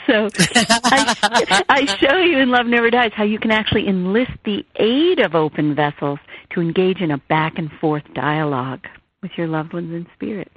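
A woman with a husky, breathy voice tells personal stories, voicing the quotes with animation. She comes through a tinny, dry phone connection. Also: medium pitch, lively intonation, normal speed, no room sound. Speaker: author and therapist guest. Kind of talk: storytelling interview talk. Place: at home on a phone line.

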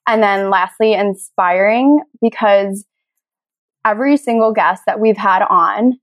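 A woman's voice: medium pitch, unhurried, dry recording. A woman who manages a podcast, guesting on it in friendly casual chat and laughing easily.

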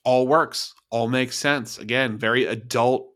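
A man's voice: mid-range voice, steady tone, unhurried, fairly bright tone. A male podcast co-host in casual review chat, swearing freely and eagerly acting out scene dialogue. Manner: profane, enthusiastic, acts out scene dialogue.

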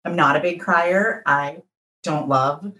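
A woman with a lower voice tells her stories in an outspoken, animated way, laughing as she goes. The recording has a roomy echo around her. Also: takes it slowly. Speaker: podcast guest, lawyer. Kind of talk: casual chat.

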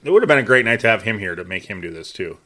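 A man's voice: lowish voice, animated, rapid-fire, bright, forceful tone. A man co-hosting a podcast, chatting crudely and joking while eating hot wings. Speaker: podcast co-host. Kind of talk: casual chat.

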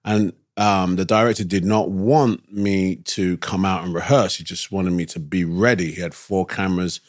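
A man's voice: deep voice, fairly even intonation, moderate pace, no echo, clean studio sound. A man, a guest actor, telling a story in a casual chat and acting out other people's lines as he goes.

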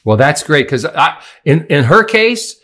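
A man's voice: on the high side, very animated, measured pace, pushed and bright. A middle-aged man co-hosting a podcast, telling anecdotes casually and stressing words for effect. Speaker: podcast co-host.

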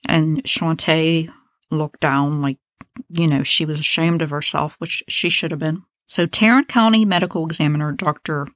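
A woman's voice: deep voice, fairly even intonation, moderate pace, dry recording. A woman hosting a true crime podcast, telling a case in a casual, blunt, opinionated way with profane asides.

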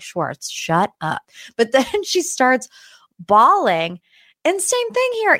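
A woman's voice: medium pitch, dry recording, studio quality. A woman hosting a podcast and recapping a reality show in a casual, chatty way, with sassy asides. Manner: chatty, animated, with sassy asides and quoted voices. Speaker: podcast host.

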